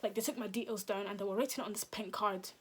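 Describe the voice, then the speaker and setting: A woman's voice: mid-range voice, fairly even intonation, fast talker, slightly rough. A young adult woman, a vlogger, telling a dramatic storytime in casual slang with some swearing. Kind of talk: storytime vlog.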